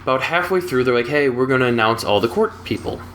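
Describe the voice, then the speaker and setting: A man's voice: mid-range voice, quick pace, slight background noise. Chatty young man telling a story. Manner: relaxed, chatty, wry. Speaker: storytelling channel host. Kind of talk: casual storytelling.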